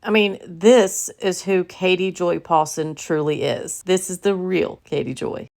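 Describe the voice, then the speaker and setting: Southern woman host, gravelly and a touch low, chatty and exasperated. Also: unhurried, a little mellow. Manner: chatty, exasperated, uses filler words. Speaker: commentary channel host. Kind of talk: casual commentary.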